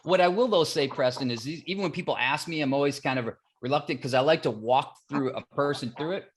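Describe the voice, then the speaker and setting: A man as a guest on a podcast interview, explaining his business with animated stories and acted-out dialogue, often repeating phrases for emphasis. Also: fairly high pitch, quick pace, breathy edge. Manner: animated storytelling, acts out dialogue. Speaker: mortgage platform guest.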